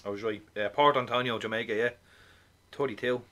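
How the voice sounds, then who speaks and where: A man co-hosting a podcast in casual chat, animated and swearing, often asking "you know what I mean". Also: medium pitch, fairly quick. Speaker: podcast co-host.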